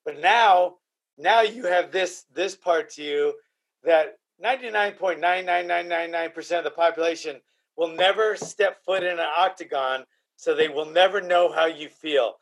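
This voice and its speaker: A podcast host in casual chat, emotional and profane, often repeating himself. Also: male voice, on the high side, normal speed.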